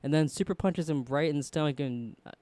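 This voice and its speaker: A man's voice: fairly high pitch, brisk, dark tone, dry recording. A man recapping a TV episode in casual chat, rambling with fillers and quoting characters in put-on voices. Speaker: show reviewer.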